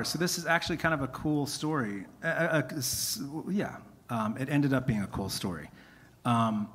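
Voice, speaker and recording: A man's voice: mid-range voice, fairly bright tone, slight background noise. A man, a singer-songwriter whose voice is tired from singing, telling rambling, self-interrupting stories on stage between songs at a concert. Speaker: singer-songwriter performing live. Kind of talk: casual storytelling between songs. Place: music venue stage. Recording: live concert stream, long hall reverb.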